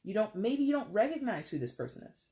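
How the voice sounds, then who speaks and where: Excitable tarot reader, direct to the viewer, casual with restarts. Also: mid-range voice, quick pace, slight background noise. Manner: excitable, addresses viewer directly, repeats words.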